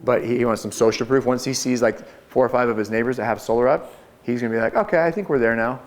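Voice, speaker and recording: A man coaching a group on door-to-door solar sales, talking with energy and confidence and acting out his pitches. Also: level tone, fast. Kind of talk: sales training talk to a group.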